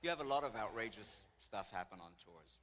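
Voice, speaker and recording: Animated man telling stories. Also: on the low side, fairly quick, slight background noise. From Israel. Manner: animated, anecdotal. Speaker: tour guide, guest speaker. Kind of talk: storytelling talk. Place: church. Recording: echoey hall with faint ambience.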